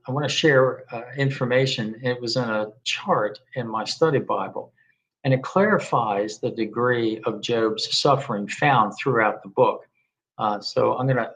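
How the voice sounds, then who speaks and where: A man's voice: mid-range voice, vocal fry, low-quality recording. A man teaching a casual Bible study, speaking unhurriedly with frequent ums and uhs.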